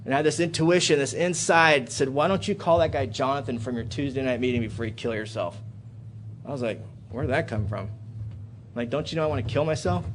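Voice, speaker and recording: A man giving a personal recovery talk at a convention in a hotel room. He swears freely and tells his story dramatically, swinging from loud excited bursts to low, quiet passages. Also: fairly quick, slight background noise. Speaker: AA speaker.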